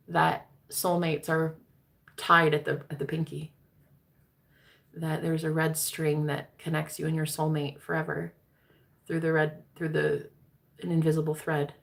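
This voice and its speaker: A woman's voice: low voice, little pitch movement, a little slow, vocal fry, long pauses. A woman in a casual storytime chat with her viewers. She swears freely, calls them girl, and drops into whispers for emphasis. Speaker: love reading content creator.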